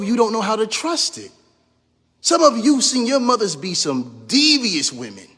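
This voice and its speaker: High-voiced preaching man, reverberant. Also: sing-song, moderate pace, a bit bright, breathy edge. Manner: preaching, repeats phrases, calls listeners brother. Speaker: life coach and minister. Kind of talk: impassioned motivational talk.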